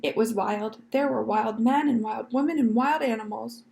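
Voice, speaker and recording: A gentle, genteel old lady librarian spins her tale with polite little "yes, ma'am"s, as a woman puts her on. Her voice sits a little high, with a gravelly edge. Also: moderate pace. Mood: fond. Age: older. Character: elderly Southern lady librarian, gentle, storytelling.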